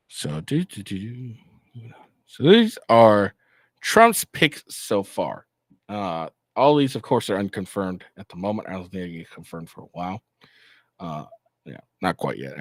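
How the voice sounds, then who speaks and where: A man's voice: sits low, husky, no echo, clean studio sound. A man hosting a political commentary vlog, ranting in a mocking, profane way. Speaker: host.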